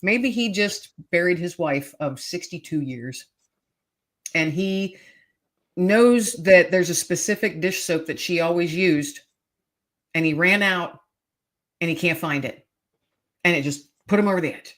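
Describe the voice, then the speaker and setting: A woman's voice: on the low side, unhurried, long pauses. Middle-aged woman guest, earnest and emphatic, relating a personal story in an interview. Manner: earnest, emphatic, repeats key phrases. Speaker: podcast guest, author. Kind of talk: heartfelt storytelling in conversation.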